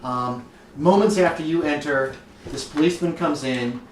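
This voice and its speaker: A man's voice: on the high side, moderate pace, slight background noise. Man running a tabletop horror game. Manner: hesitant, many ums and restarts. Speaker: game master. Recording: echoey room from far off.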